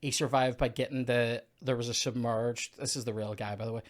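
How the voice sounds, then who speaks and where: A young man hosting a comedy podcast, rambling and animated in casual chat. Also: a little fast. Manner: rambling, animated, bursts into high put-on quotes.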